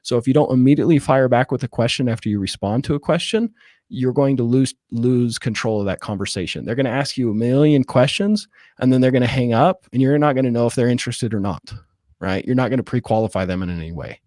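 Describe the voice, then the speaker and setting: A man in a casual interview breaks down his sales-call approach and acts out what he says on the phone. His voice sits at a middle pitch and sounds close and dry. He keeps checking in with "right?" as he goes. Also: quick pace, warm tone, no room sound. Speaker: real estate wholesaler guest.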